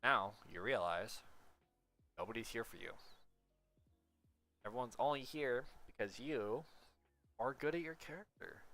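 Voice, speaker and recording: A man's voice: mid-range voice, unhurried, long pauses, sharp tone, faint music behind. A man talking in a casual, rambling monologue, often tagging his points with a rhetorical "right?" and sometimes swearing.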